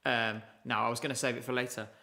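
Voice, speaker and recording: Bright-voiced man streaming live. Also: medium pitch, fairly even intonation, quick pace. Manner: chatty, rambling, thanks viewers. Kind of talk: casual live-stream commentary. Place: home room at a desk with laptops.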